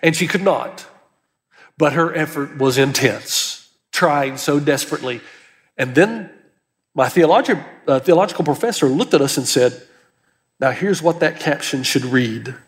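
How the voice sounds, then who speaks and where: Male pastor, high voice, earnest emphatic preaching, long hall reverb. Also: moderate pace. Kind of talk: sermon.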